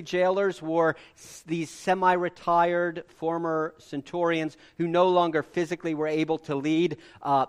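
A man preaching a sermon in an animated, conversational way, full of rhetorical questions and asides. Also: a little high. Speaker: pastor.

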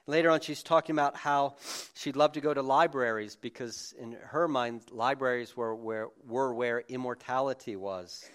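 A man's voice: mid-range voice, normal speed, a bit bright. A man preaching a conversational sermon to a gathered congregation, speaking informally with frequent restarts and asides. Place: room with a live congregation.

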